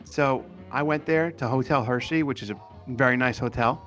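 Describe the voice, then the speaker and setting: A man telling a short, lively anecdote in a casual group chat. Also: medium pitch, normal speed, lo-fi sound, faint music behind.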